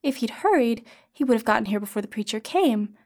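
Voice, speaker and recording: A woman's voice: fairly high pitch, expressive, fairly quick. A woman reading the lines of a vain, hot-tempered young woman in a storybook tale. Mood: scornful. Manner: sharp, scornful, then pleading.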